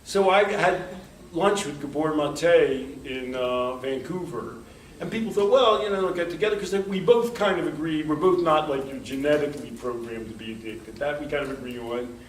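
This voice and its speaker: With hardly any pauses, a slightly high-voiced American man talks at a normal speed through a rambling workshop lecture, acting out dialogue between anecdotes. There's a little hiss or hum, and the distant hall mic makes the workshop room sound roomy.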